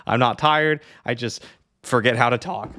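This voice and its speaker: A man's voice: mid-range voice, moderate pace. Chatty man explaining a game casually. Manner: chatty, lively, with frequent fillers and yawns. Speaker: streamer teaching a strategy game. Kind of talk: casual tutorial talk.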